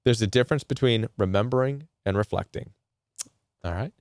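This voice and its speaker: An earnest man talks straight to his viewers in a middle-pitched voice. He circles back to his points and slips into short quoted asides. The sound is dry and close, with no room around him. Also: a little fast, darkish tone, no room sound. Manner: earnest, repetitive, quotes imagined people in short put-on asides. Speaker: host of a self-help channel on narcissistic abuse. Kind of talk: casual talking-head explainer reading from a web browser.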